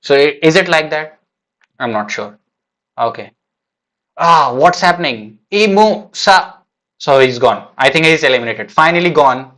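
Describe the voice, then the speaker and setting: Higher-voiced man reacting live. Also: animated, a little slow, sharp tone. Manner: hesitant, with many fillers and restarts. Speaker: streamer reacting to a manga chapter. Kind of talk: casual live reaction, thinking aloud.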